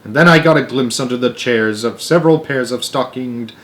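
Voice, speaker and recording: A young man reading a children's novel aloud, expressive, with small slips and restarts. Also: medium pitch, fairly quick. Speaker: storyteller.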